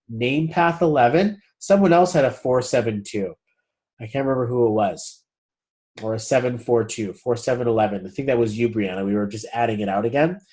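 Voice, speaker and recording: A man's voice: medium pitch, a little mellow. A man leading a spiritual group session in a loose, chatty way, swearing casually and calling the group guys. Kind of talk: casual group coaching talk.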